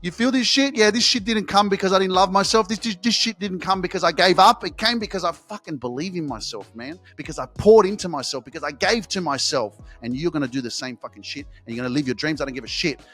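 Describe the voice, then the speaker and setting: A young man with a slightly high voice gives a pumped-up motivational talk on his podcast. He swears freely and swings from near-quiet to loud, driving urgency. Faint music plays underneath. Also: fast, hardly any pauses, husky. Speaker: podcast host and speaking coach.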